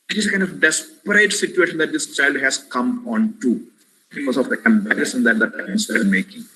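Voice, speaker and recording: Speaking a little fast in a sharp, mid-range voice, an Indian English-accented man delivers an impassioned webinar lecture on parenting, often saying "my dear friends" and hammering key words through repetition. It sounds preacherly and earnest. A webinar headset or computer mic captures it in low quality with slight hiss or hum.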